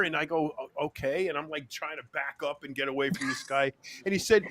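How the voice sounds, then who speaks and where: Lively, high-voiced male co-host. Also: normal speed, no echo. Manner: expressive, acts out the voices in his anecdotes. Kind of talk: casual storytelling chat.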